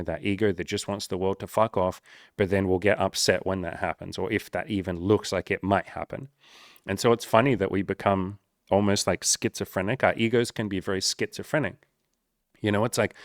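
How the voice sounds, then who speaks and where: A man's voice: on the low side, no room sound, studio quality. A man talking as a life coach in casual, earnest advice to the camera, swearing freely and acting out the voices he quotes.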